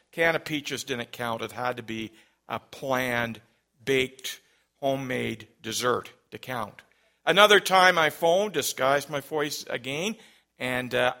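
A middle-aged man telling a personal story in an unhurried anecdotal way. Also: medium pitch, creaky, sharp tone.

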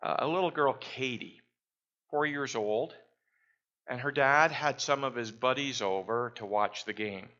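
A man telling small everyday stories in a casual, unhurried way, pausing often with "uh". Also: mid-range voice, bright, forceful tone, muffled recording. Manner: unhurried, with frequent "uh" pauses. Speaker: storyteller. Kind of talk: casual storytelling.

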